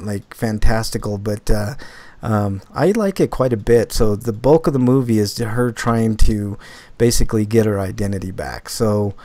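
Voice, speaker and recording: A man's voice: on the low side, dry recording. A man hosting a casual podcast, reviewing movies and telling stories with lots of fillers and restarts. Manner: rambling, filler-heavy, animated when retelling stories. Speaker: podcast host.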